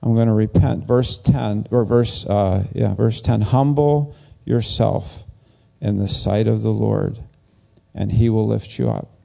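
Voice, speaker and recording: A man giving a casual, conversational sermon as a pastor, rambling and animated, jumping up in pitch when he acts out quoted lines. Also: slow pace, gravelly.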